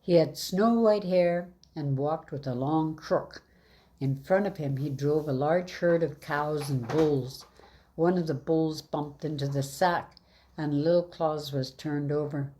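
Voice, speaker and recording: A woman reading a fairy tale aloud in an even, measured way. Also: low-pitched. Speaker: storyteller.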